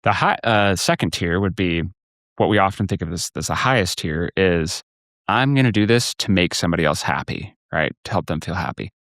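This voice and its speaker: A man's voice: deep voice, expressive, brisk, a bit bright, no echo, studio quality. A man hosting a podcast, talking in an earnest, conversational way and often checking in with "right?". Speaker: podcast host. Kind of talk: casual conversational interview.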